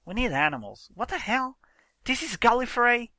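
A man's voice: very high-pitched, very animated, moderate pace, pushed and bright, no echo, clean studio sound. A man hosting a casual let's-play, explaining game mechanics and exclaiming in exasperation as he plays with a friend. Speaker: gaming channel host.

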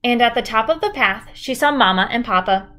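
A woman teacher reading a children's chapter book aloud in a steady, clear storytelling manner. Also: fairly high pitch, fairly quick.

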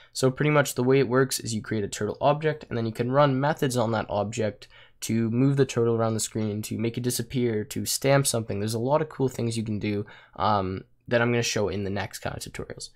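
A young man with a raspy voice he says he is losing, casually walking through a coding tutorial with plenty of ums and likes. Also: mid-range voice, brisk. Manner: casual, with fillers like um and like. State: losing his voice. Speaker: programming tutor. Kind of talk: screen-recorded coding tutorial.

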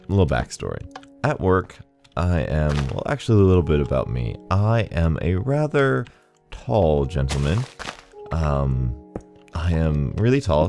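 Over faint game music, a low-pitched man with a darkish tone gives casual gameplay commentary, rambling along and laughing a lot as he plays.

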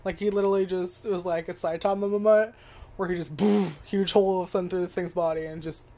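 A woman's voice: lowish voice, fairly even intonation, brisk, warm tone. A woman giving casual first impressions of a show, rambling, swearing freely and correcting herself as she goes. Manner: rambling, profane, self-correcting. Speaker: anime reviewer.

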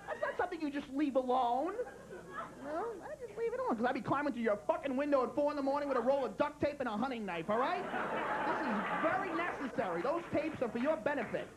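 A man performing a stand-up comedy set on a club stage, loud and animated, swearing and acting out quick voices. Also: very high-pitched. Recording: live club recording, loud crowd and noise.

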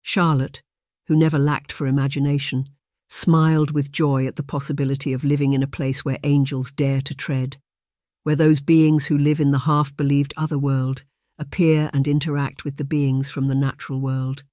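An audiobook narrator reading a historical romance in an even, measured way. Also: mid-range voice, no room sound, studio quality. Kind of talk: scripted narration.

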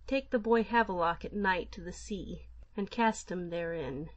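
A woman voicing a cruel, treacherous male earl who speaks low, cold and scornful. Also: unhurried, highs cut off.

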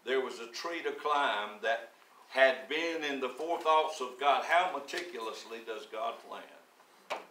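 A man in his seventies delivers a sermon at an unhurried pace. His bright, forceful voice climbs into emphatic declarations. The sound is roomy and echoey, as if picked up in a church sanctuary from some distance off the mic. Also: medium pitch, a little hiss or hum. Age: 70s. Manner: slow, deliberate storytelling that swells into emphatic preaching. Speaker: preacher.

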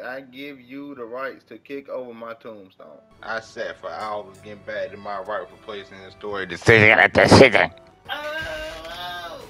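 A man's voice: medium pitch, fairly bright tone. A man doing playful, theatrical commentary over a video game from his small bedroom. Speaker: gaming commentator. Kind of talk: let's play commentary.

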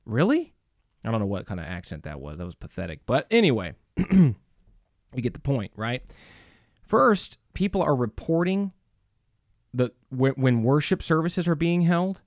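Middle-aged guy preaching, animated tone, dry sound, lots of ums. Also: medium pitch, measured pace, no room sound. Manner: emphatic, rhetorical questions, many fillers. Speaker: church speaker. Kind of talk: preaching talk.

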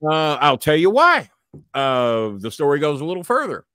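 A man's voice: fairly high pitch, huge pitch swings, normal speed, fairly bright tone, dry recording, clean studio sound. An older man with a cough, telling a story bluntly and with heavy swearing. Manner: blunt, swears freely, acts out voices. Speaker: podcast guest. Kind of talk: profane storytelling.

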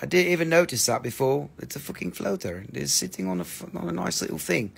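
A man's voice: a little high, big pitch swings, fast talker, gravelly, breathy edge. A man with an American accent hosting a casual live-stream crystal sale, joking and swearing as he rambles over the stones. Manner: joking, profane, rambling while showing stones.

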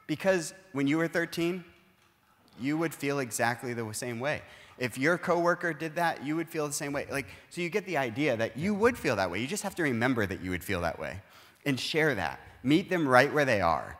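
A male pastor talks through his message in an earnest, explanatory way, now and then voicing the people in his examples. His mid-pitched voice carries a long reverb from a church hall. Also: very animated, moderate pace, a bit bright. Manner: earnest, explanatory, acts out quoted dialogue. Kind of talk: conversational sermon discussion. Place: church auditorium.

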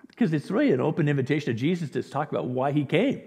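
A male pastor delivering a sermon with lively storytelling, breaking into little chuckles as he acts out what people said. His mid-range voice rings with a long hall reverb, as if recorded from a church sanctuary. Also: medium pitch, very fast, gravelly. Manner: animated storytelling, acting out quotes with chuckles.

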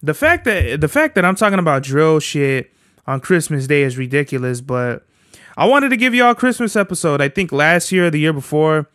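A man talking on his solo podcast in a loose, rambling, profane way, full of slang. His voice sits a little high for a man and comes across smooth and clear. The sound is close and dry, with no room echo. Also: big pitch swings, a little fast, a bit bright. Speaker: podcast host. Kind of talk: casual solo podcast chat. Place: at home.

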